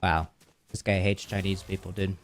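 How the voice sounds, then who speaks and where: A young man hosting a casual gaming livestream. He rambles and jokes with chat, with sudden excited outbursts. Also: sits low, normal speed, slight background noise. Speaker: livestream host.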